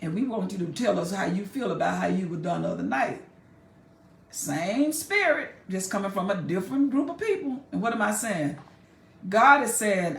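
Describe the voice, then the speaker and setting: A woman's voice: fairly high pitch, animated, normal speed, creaky. A woman teaching a Bible chapter in a sermon, emphatic and folksy, talking straight at her listeners. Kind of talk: preaching Bible exposition. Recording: echoey room, mic far off.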